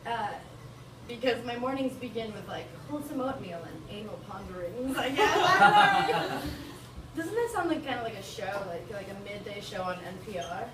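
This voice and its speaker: Giggly high-voiced woman doing stand-up. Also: sing-song, moderate pace, over a noisy crowd. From Bolivia. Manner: giggly, crude, rambling, laughs often. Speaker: stand-up comedian. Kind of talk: stand-up comedy set. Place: small venue with live audience. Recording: roomy, distant live room recording with noise.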